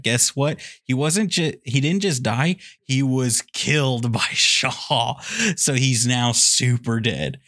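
A man with a mid-range voice chatting loosely on a movie podcast. He rambles and jokes, piling one gag onto the next in an animated storytelling manner. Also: mid-range voice, measured pace. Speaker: podcast co-host. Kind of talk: casual movie review chat.

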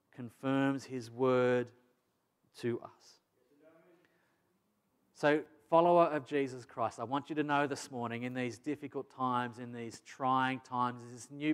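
A man's voice: medium pitch, measured pace, clear, resonant tone. A pastor preaching a sermon to his church, earnest and emphatic, repeating phrases for stress. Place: church service.

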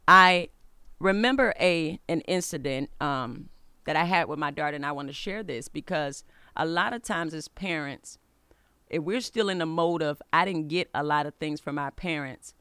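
Woman, middle-aged, faith podcast host, earnest storytelling, bright tense tone, dry close mic. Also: low voice, no room sound. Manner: earnest, conversational storytelling that builds to exhortation. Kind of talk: faith-based podcast talk with personal story.

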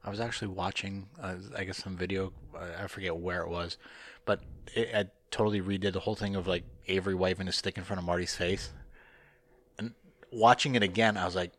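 A man's voice: low voice, fairly even intonation, brisk, a bit bright. A man hosting a casual sports podcast, rambling and joking, often breaking into laughter. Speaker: podcast host. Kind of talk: casual hockey chat.

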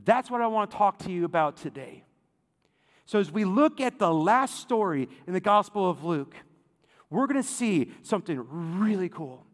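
A male pastor preaching a sermon in a casual, animated way, full of fillers and asides. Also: high-pitched, normal speed, in a large hall.

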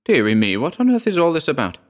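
A man's voice: on the high side, wildly swooping pitch, fast, pitched above the performer's own voice. A man voicing a fussy, bewildered older aunt in an audio horror story, with prim, fussing exclamations. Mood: puzzled.

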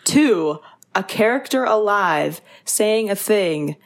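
Young woman chatting loosely on a podcast, laughing between lines and tossing in a swear. Her pitch swings widely up and down as she talks. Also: takes it slowly. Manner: giggly, swearing, animated. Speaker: podcast co-host. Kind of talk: casual chat.

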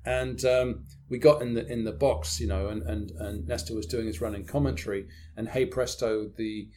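A man's voice: on the low side, fairly even intonation, normal speed, noisy background. Wry British man telling anecdotes. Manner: wry, self-deprecating humor. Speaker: interview guest. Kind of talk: anecdotal storytelling.

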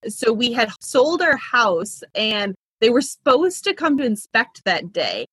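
A woman's voice: on the high side, very animated, a little slow, a bit bright, breathy edge, no room sound. A woman in her thirties, a midwife, chatting as an interview guest with loose fillers and easy laughs. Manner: chatty, laughs between thoughts, many "like" fillers. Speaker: midwife and business consultant.

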